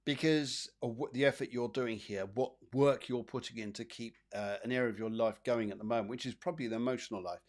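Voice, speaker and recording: A man hosts a live psychic reading stream, talking through cards for his viewers. He rambles, repeats his phrases and fills the gaps with ums and ahs. His voice sits in an ordinary middle pitch. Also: fairly even intonation, fast talker, hardly any pauses. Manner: chatty, rambling, repeats phrases, frequent fillers. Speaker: psychic medium host.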